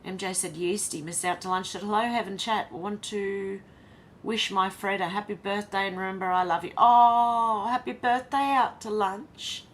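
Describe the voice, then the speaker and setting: A woman's voice: medium pitch, fairly even intonation, normal speed, fairly bright tone, slight background noise. An Australian woman hosting a casual livestream, reading viewer comments aloud and chatting back between them. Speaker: livestream host.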